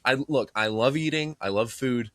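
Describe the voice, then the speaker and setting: A man co-hosting a podcast in casual chat, telling animated, joking stories. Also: medium pitch, moderate pace, dry recording, clean studio sound. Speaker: podcast co-host. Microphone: earbud in one ear.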